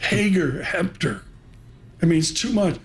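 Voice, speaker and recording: A man's voice: sits high, lively intonation, unhurried. A middle-aged man hosting a live radio show, talking in an effusive, rambling way with joking asides.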